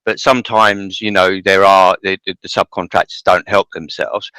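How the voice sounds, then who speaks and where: Host, lowish voice, dry close sound, rambles with lots of you knows. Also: male voice, little pitch movement, moderate pace, sharp tone, no echo, poor audio. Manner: rambling, many fillers and restarts. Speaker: podcast host. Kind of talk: casual podcast interview.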